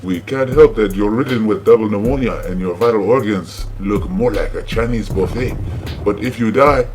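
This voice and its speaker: A man's voice: on the low side, normal speed, a little mellow, soft background music, natural voice. A man voicing a stuffy male French village official who delivers a mock-polite, formal decree in a put-on French accent.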